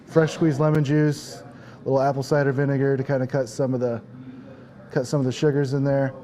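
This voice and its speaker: A man working as a store chef, explaining his dish in a relaxed, easygoing way with a few fillers. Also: medium pitch, brisk. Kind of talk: casual cooking explanation. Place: supermarket.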